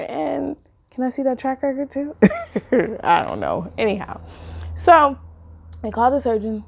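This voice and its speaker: A woman's voice: unhurried, creaky, long pauses. A woman telling a personal story in a casual vlog, acting out what people said with big jumps in her voice and frequent laughter. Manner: animated, acts out quotes with big pitch jumps, laughs often.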